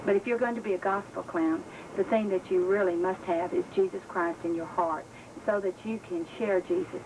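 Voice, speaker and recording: A woman's voice: on the low side, steady tone, moderate pace, background noise. Folksy Southern woman teaching clowning. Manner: folksy, chatty, frequent "uh" fillers. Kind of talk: casual instructional talk.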